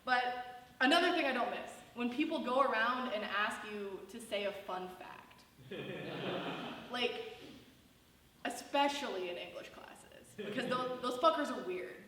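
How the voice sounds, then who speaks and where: A woman's voice: a little high, expressive, a little slow, bright, forceful tone, slight background noise. A young woman doing a rambling stand-up set, heavy on filler words. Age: young adult. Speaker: stand-up comedian. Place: student comedy show in a hall. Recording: distant, echoey hall recording.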